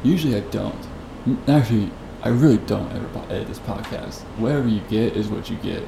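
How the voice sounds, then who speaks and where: Fairly quick and lowish with vocal fry, this podcast host rants his way through a story, swearing, rambling and sounding incredulous. The recording comes from a podcast mic in a reverberant room with background noise.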